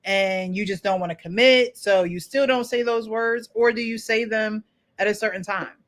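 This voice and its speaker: A woman's voice: mid-range voice, fairly even intonation, normal speed. A woman hosting a casual panel chat, playful and teasing. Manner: playful, teasing, laughs often. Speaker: host.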